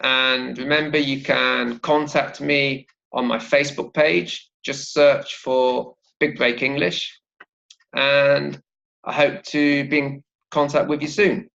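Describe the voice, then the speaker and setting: A man teaching an English vocabulary lesson, slowly modelling pronunciation and asking learners to repeat. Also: medium pitch, flat delivery, gravelly, fairly bright tone, dull audio. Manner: slow, deliberate, models pronunciation for repetition.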